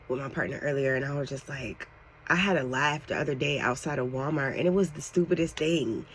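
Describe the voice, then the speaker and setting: A woman giving a channeled tarot reading to her viewers, excitable and animated, talking casually with lots of slang and "like". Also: sits low, slight background noise. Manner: excitable, animated, fills talk with "like". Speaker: tarot reader.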